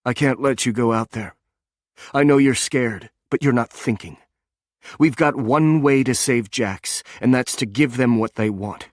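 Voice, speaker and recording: A man voicing a calm female operative who reassures and reasons in a measured way. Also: mid-range voice, dry recording, clean studio sound, natural voice. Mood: reassuring.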